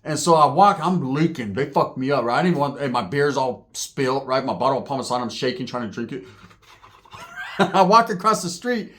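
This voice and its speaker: A storyteller on his own channel recounts street tales in profane, slang-heavy, casual speech, laughing and imitating the characters' voices. His medium-pitched voice is fairly bright, a little fast and lively in intonation, with a bit of hiss or hum underneath.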